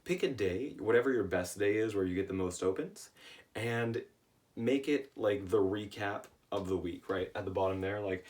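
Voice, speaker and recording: Tired male coach, low-pitched and worn, casual explainer, recorded a little off-mic. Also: moderate pace, darkish tone, distant mic. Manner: casual, says "right?" often. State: tired, voice shot. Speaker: email marketing coach. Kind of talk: casual video lesson.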